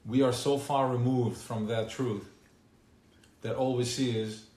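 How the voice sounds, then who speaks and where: A man's voice: medium pitch, unhurried. Man preaching in an echoey room. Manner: animated, preaching with rhetorical questions. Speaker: speaker at a gathering. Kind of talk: informal religious talk. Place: gathering hall. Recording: echoey live room, faint noise.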